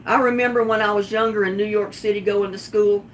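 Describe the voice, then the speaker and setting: A woman's voice: medium pitch, steady tone, brisk, slight background noise. A middle-aged woman with a Southern US accent, talking plainly and defiantly on her own livestream. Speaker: livestream host. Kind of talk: casual livestream talk.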